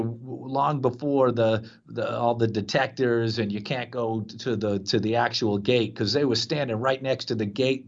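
A man's voice: mid-range voice, gravelly, muffled recording. A man in his fifties, from Boston, hosting a radio show and telling rambling stories with many fillers. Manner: rambling, chatty, frequent fillers. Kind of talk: casual radio storytelling.

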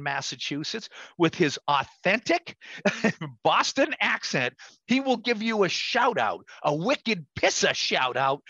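A middle-aged male host with a gravelly, bright voice swings his pitch all over as he hypes his guest and segments. He often trips and restarts mid-sentence. The sound is dry and a little dull. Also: dry recording. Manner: enthusiastic, promotional, self-correcting. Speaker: radio show host. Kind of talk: casual radio talk.

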